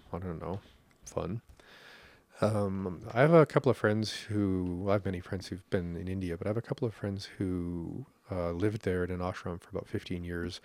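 A Canadian podcast host with a deep, somewhat mellow voice chats casually, with no echo in the sound. He rambles, restarts his sentences, and laughs frequently.

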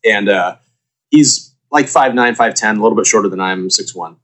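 A man guest on a podcast, talking in a blunt, lively way and quick to interrupt. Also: on the low side. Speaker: podcast guest, former baseball player. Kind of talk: casual podcast chat.

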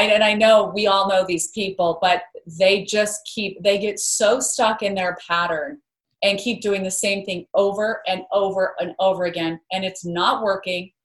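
A woman's voice: medium pitch, fairly bright tone. A woman guest in an interview, talking earnestly and telling a story, often repeating words as she starts a thought. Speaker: guest author. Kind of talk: interview conversation.

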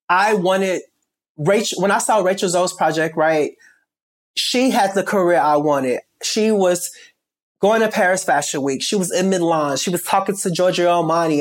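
Emphatic Chicago man in an interview. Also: high voice. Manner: emphatic, rambling with many restarts. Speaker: guest, stylist. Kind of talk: candid interview talk.

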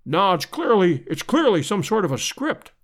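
A man's voice: high voice, sing-song, moderate pace, a bit bright, exaggerated voice. A man voicing a bold, pompous professor who lectures emphatically in a storybook reading. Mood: assertive.

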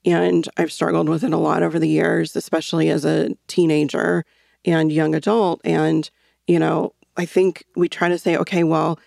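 A woman hosting a parenting talk show, reflecting quickly on anxiety and sharing her own experience. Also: low voice, flat delivery, creaky, darkish tone, dry recording, clean studio sound. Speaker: podcast host. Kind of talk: casual conversational interview.

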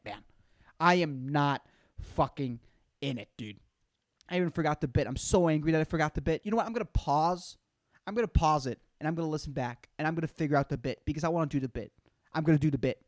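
A man's voice: on the high side, no room sound. A man in his twenties ranting alone on his podcast, rambling and swearing with lots of slang. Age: 20s. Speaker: podcast host. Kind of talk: casual solo podcast rant.

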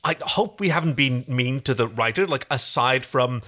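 A man's voice: mid-range voice, animated, normal speed, pushed and bright. A man co-hosting a podcast, reading a novel aloud and chatting in loose, self-interrupting asides. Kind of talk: book reading and casual chat.

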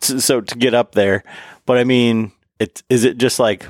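A man hosting a podcast in casual chat, animated and acting out quotes as he tells stories. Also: medium pitch, moderate pace, dry recording, clean studio sound. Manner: animated, acts out quotes with laughs. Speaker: podcast host.

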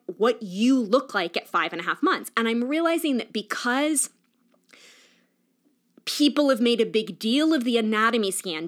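A woman, hosting a podcast and telling a personal story in a chatty, animated way, her voice rising high at emotional moments. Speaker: podcast host. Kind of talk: casual storytelling monologue.

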